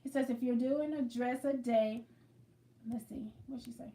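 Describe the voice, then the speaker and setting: A woman with a high, bright-sounding voice chats her way through a quilting livestream, talking viewers through each step. She sits a little away from the mic, and the room around her echoes. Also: fairly even intonation, moderate pace, recorded from a distance. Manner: chatty, greets viewers by name, explains as she works. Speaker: livestream host. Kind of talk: casual livestream chat while quilting.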